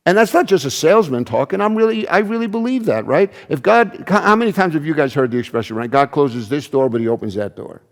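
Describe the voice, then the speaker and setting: A man's voice: fairly high pitch, animated, fast, hardly any pauses, long reverb tail. A man preaching a sermon as pastor, in a conversational style with frequent restarts and asides. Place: church.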